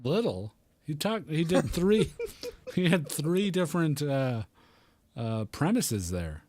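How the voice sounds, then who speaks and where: A young man hosting a casual gaming podcast, joking around in a relaxed way and laughing often. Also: fairly high pitch, takes it slowly, a little hiss or hum. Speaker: podcast host.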